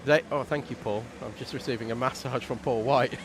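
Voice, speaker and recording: A man doing relaxed, chatty commentary on a live race stream, explaining things at length. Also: mid-range voice, a little fast, slight background noise.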